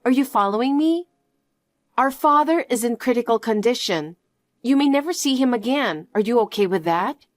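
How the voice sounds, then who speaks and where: A woman's voice: a little high, expressive, moderate pace, no room sound, studio quality. Earnest woman narrating a family story. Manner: earnest, pleading.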